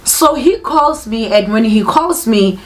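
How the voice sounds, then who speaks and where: A woman's voice: fairly high pitch, lively intonation, unhurried. A young woman vlogger telling a personal story in an emotional, candid way, often turning to speak straight to her viewers. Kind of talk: casual storytime monologue.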